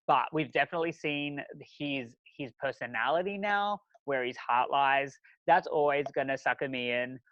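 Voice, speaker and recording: Man, casual podcast co-host, rambling with ums, mid pitch, dry close sound, a bit dull. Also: moderate pace, few pauses, no room sound. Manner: chatty, many ums and restarts, warmly encouraging. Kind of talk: casual chat recapping a reality show. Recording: dry, slightly muffled sound.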